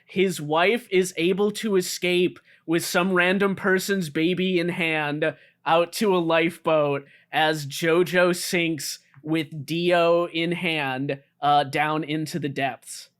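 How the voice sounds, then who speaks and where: A man's voice: on the high side, steady tone, slow, few pauses, fairly bright tone. A man co-hosting a casual podcast, retelling a story with many fillers and restarts. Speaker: podcast co-host explaining the story. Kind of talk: casual chat.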